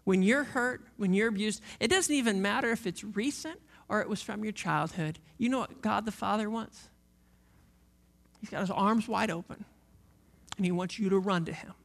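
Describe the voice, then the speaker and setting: A pastor in his thirties preaches a sermon with passion and lots of repetition, swinging from loud emphasis down to hushed near-whispers. His voice is high and gravelly, at normal speed.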